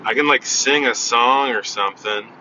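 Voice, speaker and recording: A man's voice: mid-range voice, normal speed, pushed and bright, highs cut off, slight background noise. A man vlogging casually about working as a DJ, telling stories in a chatty, self-deprecating way. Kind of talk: casual vlog talk to camera. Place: in a car and at a wedding venue.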